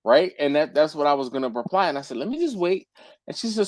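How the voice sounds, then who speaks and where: A man telling barbecue catering stories in a loose live chat, his pitch jumping around as he acts out what customers texted him. He drops slang like "yo" and "fam" constantly. The sound is dry and close, with no room echo. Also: fast talker. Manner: animated storytelling, acts out customers' messages; uses slang like "yo", "fam", "dog". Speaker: BBQ caterer and channel host. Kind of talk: casual live group chat.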